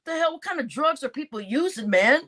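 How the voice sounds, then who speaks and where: Animated woman livestreamer, slightly high voice. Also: fast talker. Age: adult, grown-up. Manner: animated, laughing, swearing, addresses chat as y'all. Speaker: livestream host. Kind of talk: casual livestream chat, reading comments.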